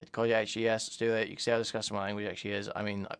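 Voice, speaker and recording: A man reading out text messages and commenting on them sarcastically, swinging from mocking shouts to low mutters. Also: level tone, rapid-fire, clean tone. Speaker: commentary youtuber.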